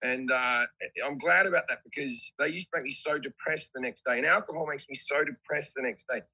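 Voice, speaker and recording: A man's voice: medium pitch, fairly quick, bright, forceful tone, breathy edge, poor audio. An Australian man in his forties, chatting as a comedian guest over a video call, laid-back and self-deprecating. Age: 40s. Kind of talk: casual chat.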